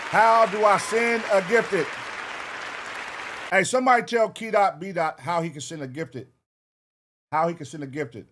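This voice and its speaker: A man hosting a casual livestream, talking loose and slangy and half-singing shout-outs to viewers. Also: fairly high pitch. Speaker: livestream reaction host. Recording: hip hop music playing behind.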